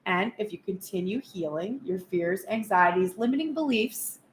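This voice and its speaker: A woman giving a frank, animated tarot reading in a casual spoken style, swearing now and then. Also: mid-range voice, normal speed, reverberant, a little hiss or hum. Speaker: tarot reader.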